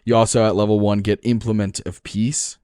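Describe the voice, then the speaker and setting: A man with a New Jersey accent, co-hosting a podcast and explaining game rules in casual, excited chat, swearing freely. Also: lowish voice, a little fast, smooth, no echo, clean studio sound. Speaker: podcast co-host.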